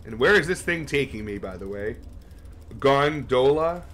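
A man's voice: on the low side, expressive, fairly quick, bright, forceful tone. A man live-streaming a horror game, talking casually and swearing as he chats with his viewers. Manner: casual and profane, chatting with viewers.

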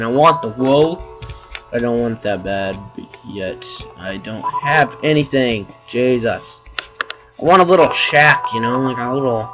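Man for a let's play: slow, chatty, sarcastic, bursts of loud exclamations, music underneath. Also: medium pitch. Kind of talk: casual gameplay commentary.

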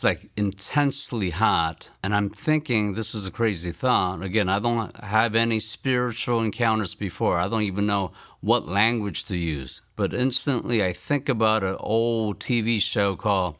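Earnest man telling a personal testimony. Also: lowish voice. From Maryland, United States. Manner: earnest storytelling, often trailing off softly at phrase ends. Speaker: guest giving a testimony.

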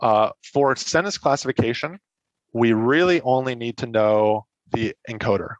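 A man's voice: mid-range voice, moderate pace, no echo, muffled recording. A man presenting a technical lecture at a meetup, explaining in a casual way, with frequent fillers and restarts as he corrects himself. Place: online meetup talk.

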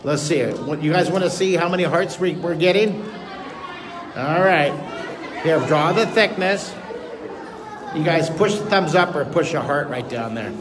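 A middle-aged man leading a live drawing lesson for a school assembly, energetic and encouraging as he talks straight to the kids. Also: fairly high pitch, moderate pace, pauses often, a crowd in the background. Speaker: drawing teacher.

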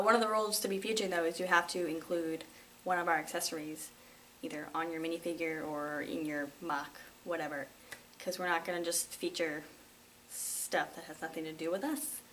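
A woman's voice: on the low side, fairly bright tone. Young woman host, wry and self-mocking, a little off-mic with faint room hiss. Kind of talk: casual vlog chat. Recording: slightly distant mic, faint room noise.

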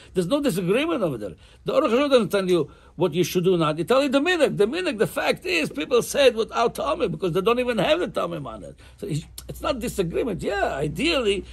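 A man teaching a Jewish law class as a rabbi, halting and repeating words as he explains texts. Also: high voice, creaky, slightly rough. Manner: halting, repeats words, reads Hebrew text in chant. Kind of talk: halacha class.

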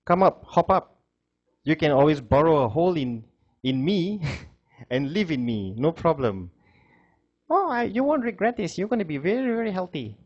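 A man's voice: a little high, big pitch swings, normal speed, long pauses, darkish tone, highs cut off, pitched above the performer's own voice. A man voicing a proud male tree who talks in a hedging, dismissive way. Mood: welcoming. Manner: hedging, dismissive then pleading.

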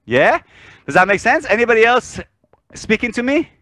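A man's voice: extremely high pitch, moderate pace. A man leading an online dance class over a video call, counting beats and cueing steps energetically while out of breath. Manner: energetic counting and cueing, often repeats himself. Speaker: dance instructor.

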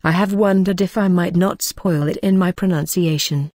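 Woman voicing a soft, teasing young sweetheart, audiobook read, lower voice, dry sound. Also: steady tone, normal speed, no room sound, lightly acted. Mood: tender.

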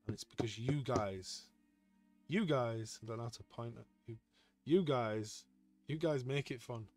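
A man live-streaming as he opens trading card packs, chatting excitedly with his viewers. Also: mid-range voice. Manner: excitable, chatty, talks to chat. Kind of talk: casual live-stream chat.

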